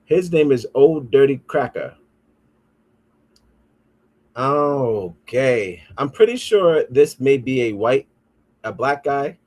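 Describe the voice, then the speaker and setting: A man's voice: mid-range voice, expressive, slow pace, pauses often, a little mellow. Male podcast host, mid-range voice, casual comedic riffing, swears freely, reads comments aloud.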